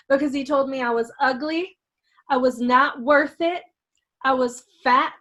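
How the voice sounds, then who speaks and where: A woman's voice: sits high, a little slow, pushed and bright, rough recording. A woman guest talking earnestly and reflectively in a casual chat, with emphatic repetition.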